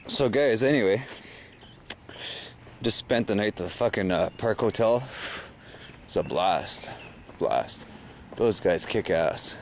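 A drunk man from Canada talks into his camera as he trudges home outdoors at night, sighing and cursing in a loose, rambling way. His voice sits low. Faint outdoor ambience with birds hums behind him. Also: animated, takes it slowly, pauses often, a little hiss or hum. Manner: slurry, sighing, swearing constantly. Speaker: vlogger.

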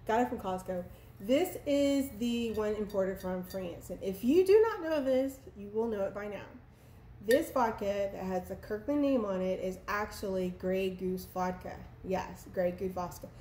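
A woman's voice: mid-range voice, lively intonation, moderate pace, mellow, slight background noise. Chatty woman in an echoey room. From Texas. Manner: chatty, playful, laughs at herself. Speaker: vlogger. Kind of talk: casual cocktail how-to vlog. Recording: echoey room with faint ambience.

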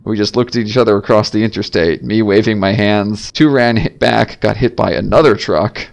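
A man voicing an excitable young male fox in a fan game dub, telling stories in a quick, eager way. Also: on the low side, gravelly. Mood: storytelling.

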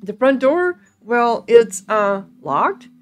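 A woman's voice: fairly high pitch, sing-song, slow. A woman voicing a brash female ghost hunter from a video game, talking in a blunt, folksy way.

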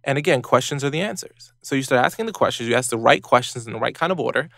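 Brief: male podcast host, gravelly, dry close sound, lively advice talk. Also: fast talker, no room sound. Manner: animated, acts out quoted people in high voices.

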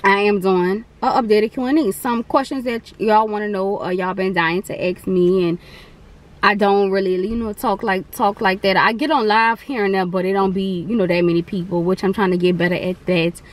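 A woman's voice: medium pitch, steady tone, normal speed. A young adult woman, chatting casually and rambling on a mukbang vlog. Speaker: vlogger.

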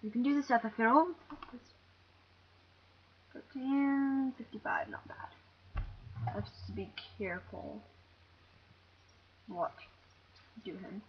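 A woman's voice: a little high, slow pace, long pauses. Jumpy young woman narrating gameplay. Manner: jumpy, excitable, talks to herself. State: shaky and teary. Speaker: gamer. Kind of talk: let's play commentary. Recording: dull lo-fi home recording with faint hiss.

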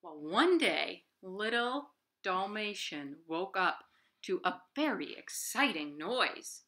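Lady doing storytime at home, super animated, gasps a lot, slow and bright. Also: medium pitch. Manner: animated, gasping, playful sound effects. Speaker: library storytime host. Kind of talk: reading a picture book aloud to children. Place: her home.

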